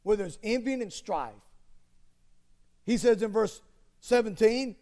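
A male preacher with an unusually high voice delivers his sermon. He builds his points through repetition and pushes some lines into emphatic, near-shouted bursts. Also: slow pace, pauses often. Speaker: pastor.

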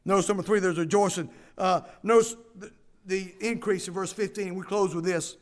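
High-voiced man preaching a folksy sermon. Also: steady tone. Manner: storytelling preacher, folksy with frequent fillers and restarts; reads scripture in slow, drawn-out cadence. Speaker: pastor.

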